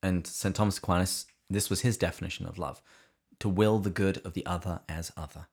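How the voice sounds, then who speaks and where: Deep-voiced earnest male podcast co-host. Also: fairly even intonation, brisk, vocal fry, slightly rough. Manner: earnest and reflective, with dry humor. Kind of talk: conversational discussion of faith.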